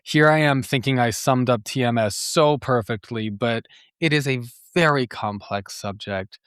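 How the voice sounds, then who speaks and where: A man's voice: mid-range voice, moderate pace, fairly bright tone, clear, resonant tone, dry recording. Reflective male podcast therapist, dry sound. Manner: thoughtful, with frequent fillers and acted self-talk. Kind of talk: reflective solo podcast monologue.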